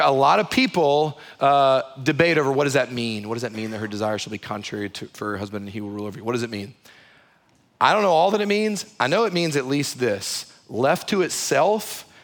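A man's voice: medium pitch, a bit bright. A man in his thirties, a pastor preaching in a church, talking conversationally with repeated phrases and wry humorous asides. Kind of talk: sermon.

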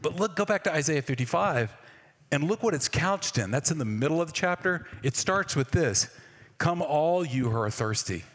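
Pastor, male, fairly high voice, chatty sermon delivery with questions to the room, long hall reverb. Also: lively intonation, brisk, fairly bright tone. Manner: conversational, asks the congregation questions.

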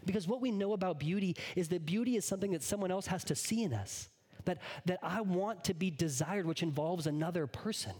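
A man preaching a sermon as a pastor, earnest, sometimes dropping to a hushed whisper. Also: high-pitched, fairly quick, husky.

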